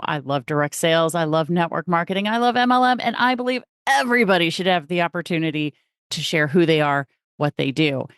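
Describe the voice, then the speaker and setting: A woman's voice: fairly low pitch, dry recording, clean studio sound. A woman from the United States hosting a show, introducing her guest in an upbeat, effusive way. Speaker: show host. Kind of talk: enthusiastic podcast host introduction.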